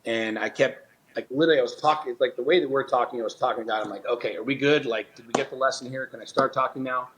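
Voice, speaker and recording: A man's voice: mid-range voice, fairly even intonation, quick pace, background noise. A middle-aged man telling a personal story as a podcast guest, earnest and intense, swearing often and restarting his sentences. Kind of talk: storytelling in conversation.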